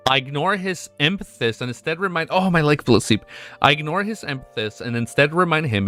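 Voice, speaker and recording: A man livestreaming as he reads a novel aloud in steady first-person narration, breaking off now and then to scold his pet. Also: medium pitch, fast. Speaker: streamer.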